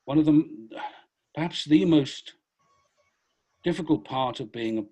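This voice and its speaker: A man's voice: a little high, unhurried, dark tone, slightly rough. A middle-aged man, a former police officer, telling a story on a video call with many hesitant restarts. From Britain. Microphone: laptop on a video call.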